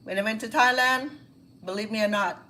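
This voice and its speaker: Amid the clinking of pots, pans and dishes in a home kitchen, this Cambodian cooking host speaks briskly in a fairly high, pushed, bright voice with her Cambodian accent, over a little hiss or hum. She chats casually and rambles as she cooks, frequently starting her phrases over.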